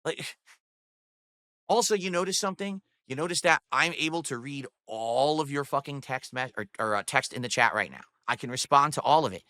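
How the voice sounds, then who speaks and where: With a pushed, bright mid-range voice, expressive and at a moderate pace, a man rants on his livestream with no room sound. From his home studio he talks directly to his chat into a studio mic on a boom arm, mocking and cursing a rival with open scorn.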